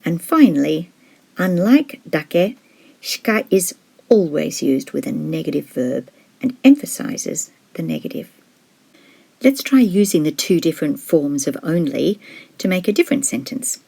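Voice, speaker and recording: Female teacher, low husky voice with a measured, explanatory delivery; slows down to model example words. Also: sing-song, warm tone. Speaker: language teacher. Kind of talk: scripted lesson narration.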